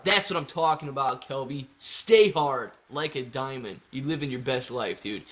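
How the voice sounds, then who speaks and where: A man hosting a casual livestream, reading viewer super chats aloud in a slangy, excitable way with sudden loud bursts. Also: medium pitch, fairly quick. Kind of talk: casual live-stream chat.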